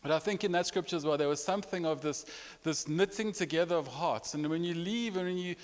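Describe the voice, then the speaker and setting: Pastor in a reverberant hall. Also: male voice, on the high side, brisk. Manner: storytelling with rising emotion and repetitions. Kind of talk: sermon. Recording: long reverb of a large hall.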